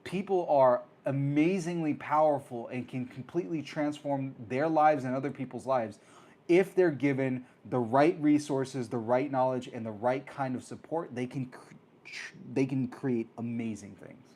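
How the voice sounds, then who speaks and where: A man hosting his own talk show, telling a personal story in a casual, animated way and acting out the voices of people he met. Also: mid-range voice, moderate pace. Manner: animated, acts out quoted voices. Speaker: host.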